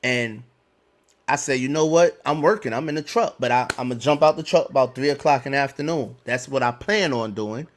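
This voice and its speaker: A middle-aged man on a podcast, telling a personal story in casual, slangy talk, animated and laughing along. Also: mid-range voice, a little fast. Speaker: podcast co-host.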